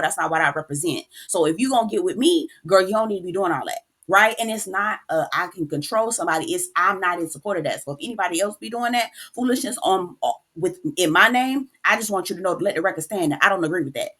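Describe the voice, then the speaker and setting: A woman hosting a reality TV recap, talking in a casual, animated and sassy way, cursing freely and calling the listener "girl". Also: fairly low pitch, fast talker, husky. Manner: profane. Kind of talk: casual opinionated recap rant.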